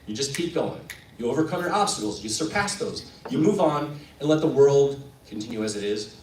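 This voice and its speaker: A man spins a story for a live audience, his pitch leaping up and down as he acts out each person. He sounds a little distant, in a roomy space with faint ambient noise behind him. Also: lively intonation, a little fast, darkish tone. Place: event room at a coffee house performance.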